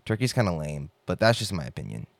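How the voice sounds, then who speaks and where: A man's voice: low voice, big pitch swings, fast talker, no echo. A young man rambling in a casual, profane monologue full of filler words.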